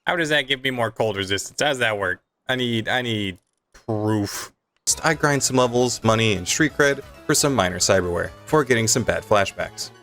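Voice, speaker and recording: A man's voice: medium pitch, animated, a little fast, hardly any pauses, a bit bright, soft background music. A young man giving comedic gameplay commentary, joking and self-mocking with stammered restarts. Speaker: gaming youtuber.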